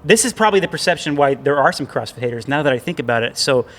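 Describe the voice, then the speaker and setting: A man's voice: mid-range voice, animated, fast, a bit bright. A man co-hosting a casual talk show, telling a rambling, self-deprecating story with lots of restarts, recorded indoors in a gym. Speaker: podcast co-host.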